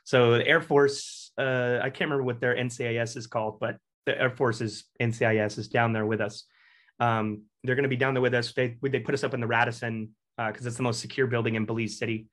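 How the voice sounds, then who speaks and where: A man's voice: mid-range voice, brisk. Profane young Texan man telling stories. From Texas. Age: young adult. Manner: profane, animated anecdote-telling with acted quotes. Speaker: guest, Marine veteran. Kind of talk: casual storytelling.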